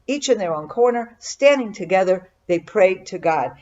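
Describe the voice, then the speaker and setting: A middle-aged woman gives an earnest, reflective Torah commentary, often pausing and restarting her sentences. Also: mid-range voice, expressive, a little mellow, lo-fi sound. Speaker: Bible teacher.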